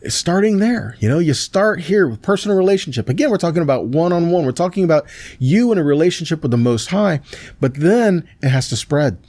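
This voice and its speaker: A man's voice: on the high side, lively intonation, brisk, darkish tone, dry recording. A man preaching a Messianic Torah teaching, reading verses aloud and then explaining them conversationally, often checking with "see that?" and "right?". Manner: conversational, with fillers and restarts. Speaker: pastor.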